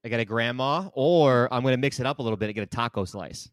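A man's voice: mid-range voice, fast talker, dry recording, studio quality. A man in his thirties from Queens with a New York accent, chatting bluntly as a guest comedian on a podcast and swearing freely. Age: 30s. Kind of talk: casual podcast chat.

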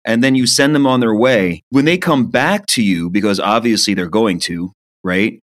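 A man's voice: lowish voice, normal speed. A man co-hosting a casual podcast chat, asking follow-up questions curiously with some hesitant restarts.

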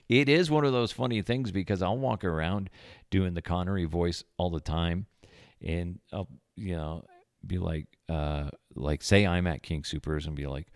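A man's voice: deep voice, normal speed, no echo, clean studio sound. A man hosting a casual podcast from his home office, crude and joking, swearing freely. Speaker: podcast host. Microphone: podcast microphone.

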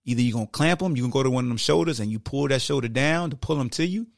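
A man hosting a podcast, breaking down football technique in a casual, animated, slangy coaching manner. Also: medium pitch, rapid-fire, gravelly, no room sound, studio quality. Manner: slangy, conversational. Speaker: podcast host.

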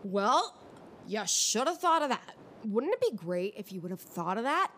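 Podcast host, young woman, slightly high voice, fired-up casual rant, faint low rumble underneath. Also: normal speed. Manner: ranting, animated, frustrated. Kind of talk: casual reality TV recap.

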